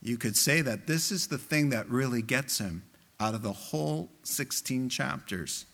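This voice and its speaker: A pastor preaching a sermon with impassioned, emphatic delivery, climbing into high quoted exclamations. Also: male voice, expressive, unhurried, vocal fry, fairly bright tone.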